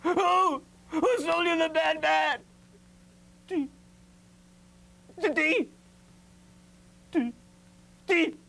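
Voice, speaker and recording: A man putting on a high, thin voice for a jittery addict in a comedy skit. The addict drags out every word, crackles with vocal fry and trips over false starts. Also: drawn-out words, long pauses, bright, forceful tone, full character voice. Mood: distraught. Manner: stammering and hesitant. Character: nervous, awkward addict fussing over a friend.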